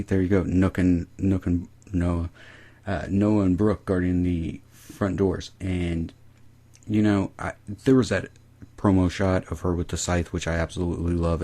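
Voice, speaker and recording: A man's voice: low-pitched, warm tone, breathy edge. A man casually recapping a TV episode, rambling and swearing freely. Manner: rambling, profane.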